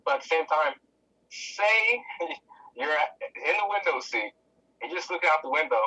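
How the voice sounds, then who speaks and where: A man's voice: a little high, lively intonation, normal speed, sharp tone, breathy edge. A young man co-hosting a podcast in casual chat, playfully spinning what-if scenarios, sounding dull and distant. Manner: laughing, playful what-if storyteller. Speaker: podcast co-host.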